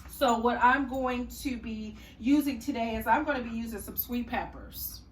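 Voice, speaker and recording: A woman's voice: fairly high pitch, normal speed, reverberant. Chatty woman cooking, distant mic. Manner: chatty, folksy, says y'all and honey. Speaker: cooking channel host. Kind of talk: casual cooking tutorial. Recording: distant mic, faint room noise.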